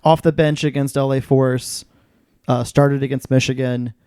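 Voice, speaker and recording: A man's voice: mid-range voice, flat delivery, normal speed, mellow, clear, resonant tone, dry recording, studio quality. A man co-hosting a casual podcast chat, matter-of-fact as he runs through stats. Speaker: podcast co-host.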